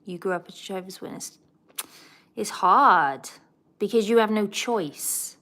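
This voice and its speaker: A woman's voice: medium pitch, unhurried, pushed and bright. A middle-aged woman from England with a southern English accent, hosting a casual livestream and chatting as she answers viewer comments. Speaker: host of a pet livestream.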